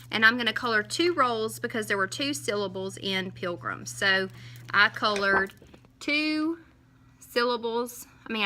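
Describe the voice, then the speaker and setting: A woman teacher, talking young children through a lesson in a slow, sing-song way and stretching out each syllable when she counts. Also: on the high side, pushed and bright, a little hiss or hum.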